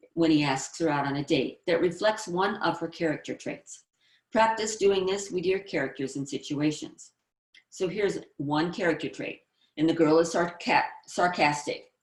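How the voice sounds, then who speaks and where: Female presenter, deep register, explanatory lecture delivery, echoey room sound. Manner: explanatory, reads out example lines. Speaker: screenwriting presenter. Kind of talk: instructional presentation.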